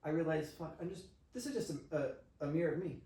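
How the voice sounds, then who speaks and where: A man with a fairly high voice tells a long personal story in lively, casual podcast talk, swearing freely as he goes. He sounds set back from the microphone, and the room around him rings noticeably. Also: quick pace. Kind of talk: casual conversation. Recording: roomy, distant mic.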